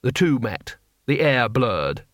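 Expressive male audiobook narrator, lively pitch, dry booth sound. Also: slow pace, dry recording. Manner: expressive storytelling. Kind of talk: scripted narration.

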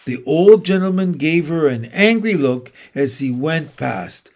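A man narrating a children's storybook at an unhurried pace. His reading is expressive, with a slightly high voice that rises and falls freely. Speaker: audiobook narrator. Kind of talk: storybook read aloud.

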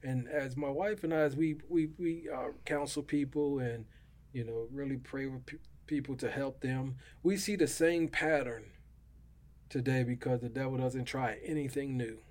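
A man's voice: medium pitch, normal speed, darkish tone. A middle-aged man telling his personal faith testimony as a podcast guest, in an earnest, emotional way.

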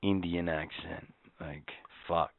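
A man's voice: sits low, fairly even intonation, takes it slowly, creaky. A man co-hosting a podcast, boisterous and profane, laughing often and ranting in casual banter. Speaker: podcast co-host. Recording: tinny lo-fi recording.

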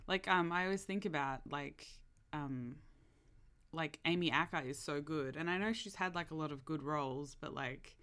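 Podcast co-host, woman, bright forceful tone, low-ish pitch, chatty. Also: normal speed. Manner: chatty, many fillers, laughs often. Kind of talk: casual chat.

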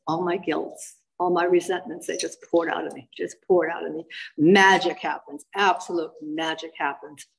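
An older woman giving a personal recovery testimony as a meeting speaker, telling her story with animated emphasis and repeated phrases. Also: lowish voice, vocal fry, poor audio.

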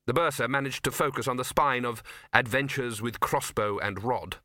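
A man narrating a comic fantasy audiobook with expressive storytelling. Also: mid-range voice, moderate pace, no echo, studio quality. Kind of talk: scripted narration.

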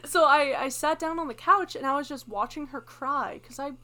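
A woman's voice: high voice, moderate pace, pushed and bright. A young woman co-hosting a casual podcast chat, telling a story in a chatty way and laughing easily. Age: young adult. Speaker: podcast co-host.

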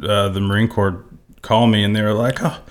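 A man's voice: on the low side, a little fast. A young man with a Kentucky accent, co-hosting a casual podcast, telling stories with lots of swearing. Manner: animated storyteller, swears a lot, says bro. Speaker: podcast co-host. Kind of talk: casual chat.

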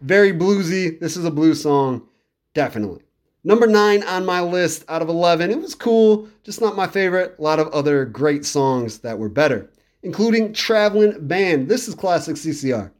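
A man's voice: fairly high pitch, animated, moderate pace. A man hosting a podcast who talks through an album in a casual, enthusiastic, rambling way, repeating himself for emphasis. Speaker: podcast host. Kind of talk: casual music review monologue.

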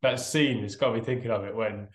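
A man's voice: fairly low pitch, steady tone, fairly quick, roomy sound. A man co-hosting a casual podcast, answering quiz questions with dry, rambling jokes. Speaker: podcast co-host, quiz contestant. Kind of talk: casual banter.

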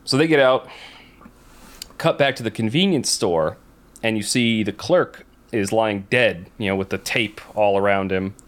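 A man's voice: lowish voice, a little slow, fairly bright tone. A man in casual chat, retelling a film's story in a rambling way with many fillers and restarts.

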